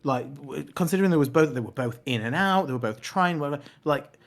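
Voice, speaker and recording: A man's voice: fairly high pitch, lively intonation, fast talker, soft background music. A man in his thirties from England, co-hosting a podcast and telling rambling stories with frequent laughs. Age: 30s. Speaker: podcast co-host. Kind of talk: casual banter.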